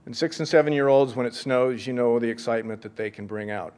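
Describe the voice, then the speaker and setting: A middle-aged man from Seattle giving an earnest, reflective speech, telling a personal story with gentle humor. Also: medium pitch, fast. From Seattle, USA. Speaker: speaker at a leadership event.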